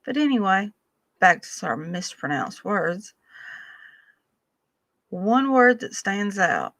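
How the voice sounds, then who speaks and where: A woman's voice: medium pitch, big pitch swings, slow pace, fairly bright tone, dry recording. A woman telling folksy, humorous stories from her past in a casual way. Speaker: storyteller vlogger. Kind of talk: casual storytelling.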